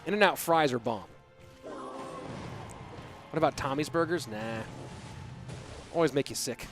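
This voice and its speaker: A man casting an esports match, excitable on big plays and loose and rambling while he chats with viewers. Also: fairly high pitch, slow pace, over music. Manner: excitable on big plays, rambling and relaxed when reading chat. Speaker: esports caster. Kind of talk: play-by-play commentary with chat banter.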